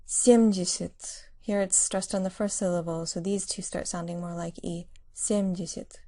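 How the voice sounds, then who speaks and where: A woman teaching a Russian lesson, explaining pronunciation clearly and patiently. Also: on the low side, flat delivery, fairly quick, mellow. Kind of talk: language lesson.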